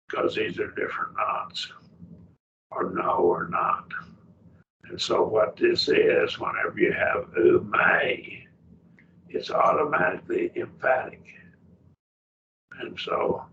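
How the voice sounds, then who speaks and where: A man teaches a Greek grammar class, explaining patiently and checking in with his students. His voice is lowish, gravelly, and fairly bright. Picked up by a distant mic, the classroom recording sounds dull and muffled, with a little hiss or hum.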